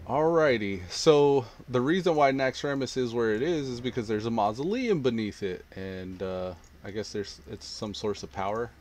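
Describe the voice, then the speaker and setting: Male gamer, mid pitch, casual commentary, low-key humor. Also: moderate pace, hardly any pauses. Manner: relaxed, joking, low-key asides. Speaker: gameplay streamer.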